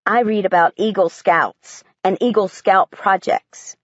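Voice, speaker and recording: A woman's voice: mid-range voice, fairly even intonation, a little slow, no echo, highs cut off. A woman reading a first-person audiobook in a plain, matter-of-fact storytelling voice. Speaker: audiobook narrator.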